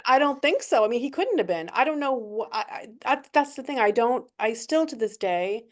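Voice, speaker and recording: A middle-aged woman telling a true work story in a training session, animated and swearing, acting out what people said. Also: fairly high pitch, normal speed. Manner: animated, swearing, acts out quoted voices. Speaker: real estate agent.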